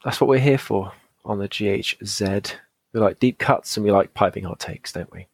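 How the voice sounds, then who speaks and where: A man's voice: fairly low pitch, normal speed, dry recording. A British man hosting a podcast, reading a gamebook aloud and joking with guests. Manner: playful, jokey. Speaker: host and game reader. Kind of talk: casual podcast chat and read-aloud narration.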